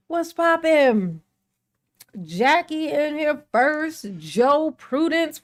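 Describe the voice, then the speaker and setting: A woman's voice: high-pitched, extremely slow, pauses often. A woman hosting a casual livestream. She greets viewers by name, laughs often and rants animatedly. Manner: animated ranting. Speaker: livestream host.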